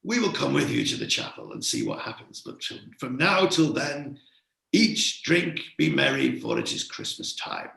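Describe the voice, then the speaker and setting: A roaring, hearty knight who owns a great castle, big and generous in his welcome, as a storyteller puts him on. His voice jumps far above the teller's usual gravelly tone and rings loud around an echoey room. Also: medium pitch, huge pitch swings, moderate pace, pitched above the performer's own voice, full character voice. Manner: roaring laugh, hearty and boastful. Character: jolly booming lord of a castle, knight.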